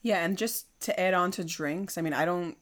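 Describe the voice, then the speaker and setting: A woman's voice: on the low side, normal speed. A woman co-hosting a casual chat, adding details in an easygoing way with some "um"s. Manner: easygoing, adds details, hesitant fillers. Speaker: co-host.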